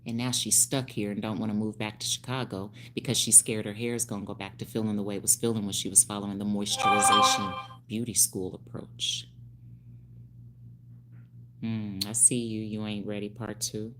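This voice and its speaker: A woman in her fifties, a hairstylist speaking on a phone livestream, animated and preachy with frequent laughs. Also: very deep voice, normal speed, music in the background. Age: 50s. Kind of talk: casual livestream talk.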